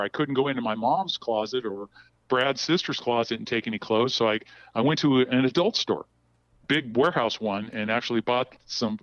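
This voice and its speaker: A man's voice: mid-range voice, fairly bright tone, no echo. Middle-aged guy rambling thru a story, dull dry lo-fi sound, lots of restarts. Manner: rambling, many restarts and "blah, blah". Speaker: podcast guest. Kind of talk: casual storytelling.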